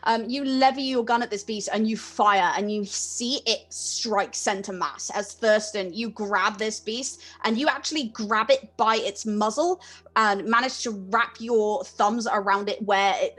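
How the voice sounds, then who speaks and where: A woman's voice: medium pitch, a bit bright. Woman game master narrating horror. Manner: vivid descriptive narration with frequent ums.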